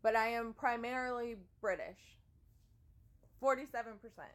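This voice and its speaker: A woman's voice: a little high, moderate pace. A young adult American woman vlogging in a chatty, giggly and exclamatory way, talking casually to the camera. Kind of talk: casual chat.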